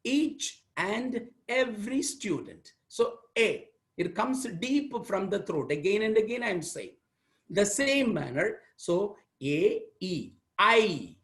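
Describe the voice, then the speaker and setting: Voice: mid-range voice, animated, fairly bright tone. A trainer from Tamil Nadu with a Tamil Indian English accent, giving an online workshop lecture and repeating key words with emphasis over a video call. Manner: slow, repetitive, emphatic teaching. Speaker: aptitude trainer.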